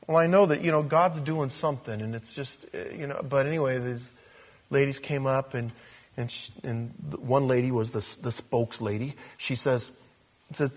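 A man preaching a conversational sermon, swinging between loud emphasis and soft asides. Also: mid-range voice, a little slow.

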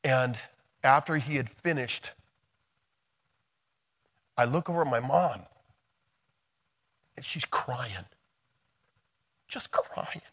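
A middle-aged American man preaching a sermon, moving between quiet, soft passages and loud, emphatic storytelling. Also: mid-range voice, takes it slowly, pauses often, breathy edge. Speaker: pastor.

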